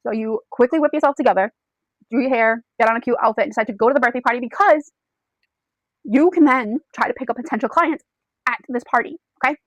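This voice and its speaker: A woman's voice: fairly high pitch, fast talker, dry recording, poor audio. A woman giving a casual, chatty book review, retelling the plot in second person with frequent check-ins.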